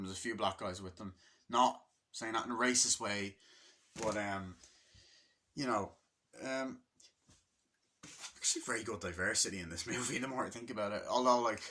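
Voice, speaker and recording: A young man giving a casual, rambling movie review, swearing often and filling pauses with ums. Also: lowish voice, bright, forceful tone. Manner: rambling and profane, full of fillers.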